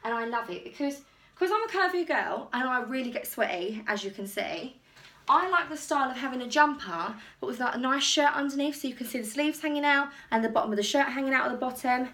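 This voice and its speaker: A woman's voice: high voice, expressive, brisk, sharp tone. A young woman chatting casually through a clothing try-on haul at home, rambling and poking fun at herself. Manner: chatty, self-deprecating, rambling. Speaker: vlogger. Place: home bedroom.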